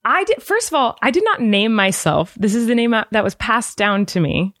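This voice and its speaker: A woman from the Kansas City area co-hosting a podcast in easy, casual chat. She sounds bubbly and animated, her voice leaping upward when something excites her. The sound is dry and close, with little room around it. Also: a little high, moderate pace, dry recording. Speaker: podcast co-host.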